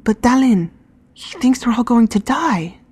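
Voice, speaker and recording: Lady doing a high-voiced anxious teen girl, pushy and close to tears, storybook reading. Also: animated, a little slow, darkish tone, slightly rough. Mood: insistent. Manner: pleading, insistent.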